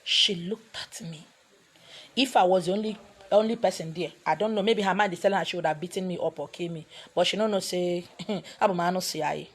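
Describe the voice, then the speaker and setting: A woman with a Nigerian accent telling a story in an animated way, slipping into Igbo and pidgin. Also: lowish voice, brisk, husky. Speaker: spiritual teacher. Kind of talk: storytelling talk.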